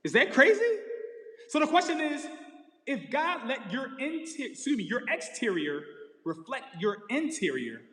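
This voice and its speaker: A man preaching a lively, casual sermon in slangy everyday talk, acting out the people in the story, in front of camera and lights. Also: extremely high pitch, moderate pace. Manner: energetic, slangy, acts out characters. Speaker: pastor. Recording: echoey hall with long reverb.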